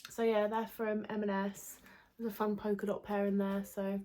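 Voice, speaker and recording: A young woman with a British accent chatting casually on her vlog, rambling and laughing at herself, a little hoarse as she loses her voice. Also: mid-range voice, level tone, normal speed, dark tone. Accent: British English. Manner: chatty, rambling, self-deprecating, light laughter. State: slightly losing her voice. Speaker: YouTuber. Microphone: camera mic under a ring light.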